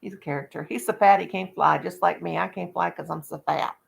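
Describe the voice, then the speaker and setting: A woman hosts a live stream from her country home through a webcam, her voice heavy with gravel and fry. She talks in a rambling, folksy way, tossing in jokes as she goes. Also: on the low side, fairly quick, slight background noise. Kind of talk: casual live-stream chat.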